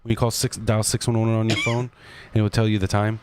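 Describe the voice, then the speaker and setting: A man's voice: fairly low pitch, flat delivery, fast talker, over a noisy crowd. A man on a casual podcast giving blunt, profane opinions and chatting with his co-hosts.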